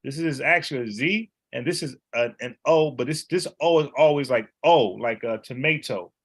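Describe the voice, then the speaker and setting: This Bible teacher has a fairly high, husky voice and talks a little fast. He teaches casually and conversationally, repeating words and explaining letters one at a time.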